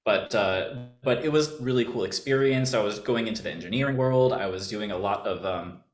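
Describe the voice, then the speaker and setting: A young man from New York with a general American accent, chatting in a relaxed, rambling way as a guest musician. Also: on the low side, brisk. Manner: relaxed, rambling, laughs often. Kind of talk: casual interview chat. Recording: roomy echo.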